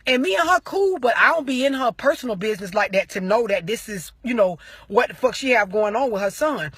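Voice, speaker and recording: A woman vlogger telling a story as an animated rant, full of slang and heavy profanity. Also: on the high side, a little fast, slightly rough, no room sound, clean studio sound.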